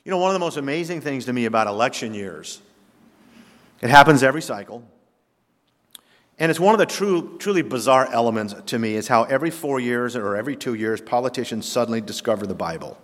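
A man preaching a sermon as pastor, emphatic, with rhetorical questions and sudden swings between loud and soft. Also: mid-range voice, expressive, fast. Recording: long reverb of a large hall.

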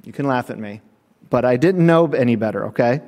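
A man preaching a sermon, telling a personal story with emphatic, animated delivery. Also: mid-range voice, a little fast, big-room sound. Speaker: pastor.

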